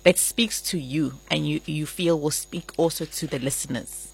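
An interview host, asking casual questions in quick bursts and giving encouraging murmurs. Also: mid-range voice, vocal fry, slightly rough, poor audio. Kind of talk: casual interview questions mixing in Zulu words.

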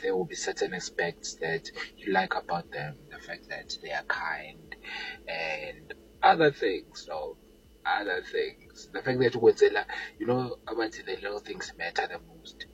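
Deep-voiced relaxed caller on a voice note, slow and easygoing. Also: male voice, a little hiss or hum, poor audio. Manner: laid-back, laughing, drops to a whisper. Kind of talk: casual voice note. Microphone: phone voice note.

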